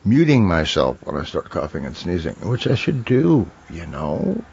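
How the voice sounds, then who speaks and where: A man with an Upper Midwestern accent, hosting a casual podcast chat in a relaxed, easygoing way. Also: deep voice, moderate pace, creaky, slightly rough. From northern Minnesota, US. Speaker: podcast host. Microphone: home computer mic. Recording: dull lo-fi audio with faint hiss.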